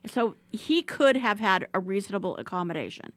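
A woman's voice: medium pitch, lively intonation, moderate pace, no echo. Wry woman co-host on radio. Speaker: attorney co-host. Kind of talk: radio talk show banter.

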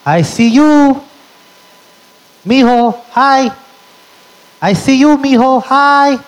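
A comedian voicing his elderly grandfather, a doting, insistent old man who calls out in a thin, drawn-out voice. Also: exaggerated voice, low-quality recording. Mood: tender. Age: older. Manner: high, thin, drawn-out calling voice.

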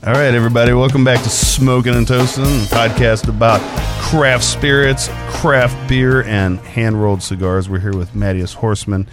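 A man's voice: medium pitch, level tone, normal speed, hardly any pauses, over music. A man hosting a podcast, asking his guests questions in an upbeat, casual way. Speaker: podcast host. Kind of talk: casual chat.

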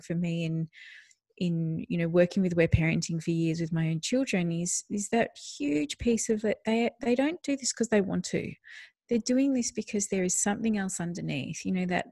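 A woman's voice: on the low side, a little mellow, no echo. A woman hosting a parenting podcast, enthusiastic and affirming as she reflects on her own parenting. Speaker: podcast host. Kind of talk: casual podcast chat.

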